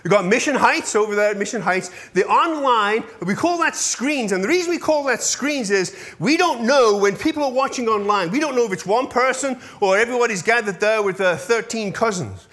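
A man's voice: sits high, animated, fairly quick, hardly any pauses, fairly bright tone. A man in his fifties, a pastor giving a casual update to his congregation, chatty and often checking in with his listeners, easily moved when he thanks them. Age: 50s.

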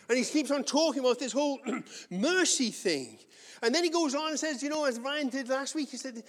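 English pastor telling a story in a reverberant church hall. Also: male voice, extremely high pitch, lively intonation, fairly quick. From England. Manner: storytelling, conversational, self-mocking humor. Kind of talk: sermon with personal story.

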